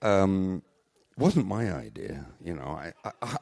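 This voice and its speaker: Deep, dark-toned man, animated, jokey storyteller at a small club. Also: slow pace, creaky, dry recording. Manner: rambling, joking, self-mocking. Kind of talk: live comic storytelling.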